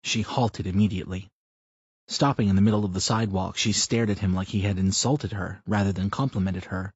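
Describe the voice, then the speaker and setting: A man narrating an audiobook in a steady, measured reading, in a slightly muffled recording. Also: low voice, husky, no echo. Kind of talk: scripted narration.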